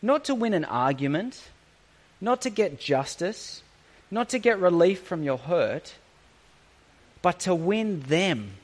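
A man's voice: sits high, big pitch swings, slow, pauses often. A man preaching a sermon to a congregation, earnest and full of rhetorical questions, with a touch of sarcasm.

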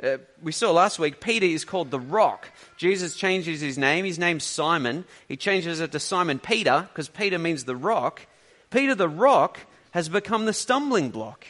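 A man's voice: fairly high pitch, animated, moderate pace, fairly bright tone. A man preaching a sermon, teaching earnestly and conversationally with rhetorical questions.

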